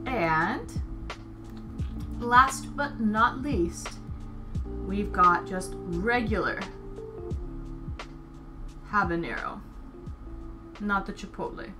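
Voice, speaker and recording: A woman's voice: mid-range voice, drawn-out words, pauses often, over music. A woman live-streaming in casual chat, thanking viewers by name and talking straight to her chat. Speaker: livestreamer.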